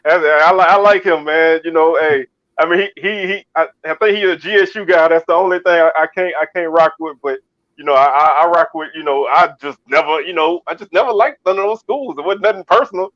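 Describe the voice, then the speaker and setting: A man's voice: fairly high pitch, a little fast, dry recording. A man from Baton Rouge, co-hosting a casual sports talk show, often restarting and repeating his words. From Baton Rouge, Louisiana. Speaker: co-host. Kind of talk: casual chat. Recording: dull lo-fi dry sound.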